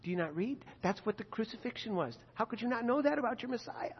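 A man preacher voicing Jesus as a calm adult male teacher, earnestly questioning his followers. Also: very high voice, fast talker, slightly rough, heavily acted. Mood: gently chiding. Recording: dull lo-fi echoey hall.

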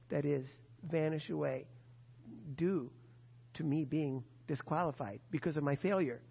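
A man with a high voice preaches with earnest repetition, dropping to a hush and then rising to emphatic declarations. His voice rings through a large hall with long reverb, heard on a dull, lo-fi recording. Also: normal speed, husky. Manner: earnest, repetitive, swings between hushed and emphatic. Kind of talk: sermon.

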